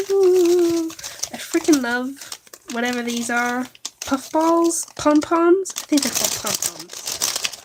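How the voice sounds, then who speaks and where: Chatty sick woman over loud crinkling. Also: on the low side. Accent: slight put-on British accent. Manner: chatty, rambling, self-deprecating, giggly. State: sick with a cold. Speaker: crafting vlogger. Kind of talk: casual crafting vlog chat. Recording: loud crinkling and crackling of craft supplies. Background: crinkling plastic and paper.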